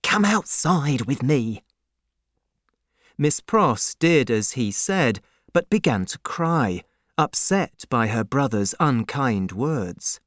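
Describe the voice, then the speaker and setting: Slow low-voiced woman audiobook narrator. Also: animated, no room sound, studio quality. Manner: measured, clear reading.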